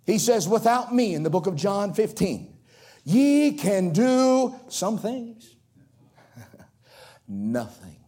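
Southern man from the Carolina coast, high and animated pulpit voice. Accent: coastal North Carolina. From Outer Banks of North Carolina. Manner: swings between ringing highs and hushed drops. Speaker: preacher. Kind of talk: sermon.

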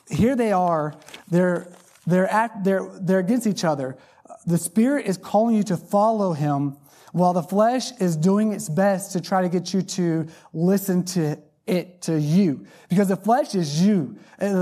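A man's voice: high voice, mellow. A man giving a folksy sermon testimony, telling a story and often repeating words as he starts phrases. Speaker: lay preacher.

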